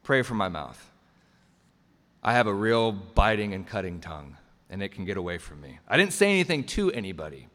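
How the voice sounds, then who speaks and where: A man's voice: on the low side, big pitch swings, fairly quick, fairly bright tone. A man preaching a sermon as pastor, earnest and emphatic, often repeating himself as he builds a point. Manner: earnest, emphatic preaching with frequent restarts and asides. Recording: long reverb of a large hall.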